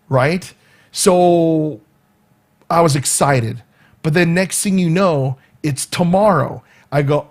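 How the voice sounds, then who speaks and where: A man's voice: fairly high pitch, normal speed, a little mellow. Rambling middle-aged man hosting a vlog. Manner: rambling, many fillers and restarts. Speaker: vlog host. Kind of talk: casual rambling monologue.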